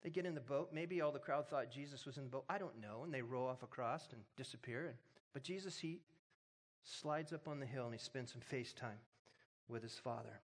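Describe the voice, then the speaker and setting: A man's voice: medium pitch, brisk. A man preaching a sermon, retelling a story with humor and building to emphatic exhortation. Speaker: pastor.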